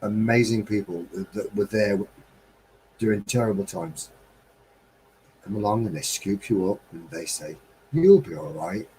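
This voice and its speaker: A middle-aged man from England talks to his live stream viewers in a low, mellow voice. His delivery is heartfelt and wistful. He rambles, losing his thread now and then. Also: fairly even intonation, moderate pace, pauses often, slight background noise, rough recording. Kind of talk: reflective casual monologue.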